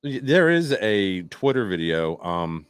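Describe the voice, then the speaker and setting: Deep-voiced joking man reading news. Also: big pitch swings, clean tone, no room sound, clean studio sound. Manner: joking, halting, stumbles over words. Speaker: podcast co-host. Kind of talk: casual chat, reading news aloud.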